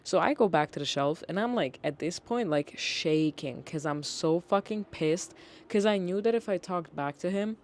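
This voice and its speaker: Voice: mid-range voice, animated, normal speed. A young adult podcast host casually telling work stories, exasperated and swearing freely, with lots of "like".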